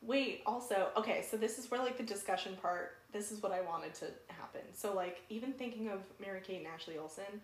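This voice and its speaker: A woman's voice: medium pitch, fairly quick, hardly any pauses, a little hiss or hum. A young woman co-hosting a podcast in casual, chatty talk, with frequent fillers and laughs. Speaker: podcast co-host. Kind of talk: casual chat. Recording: roomy echo.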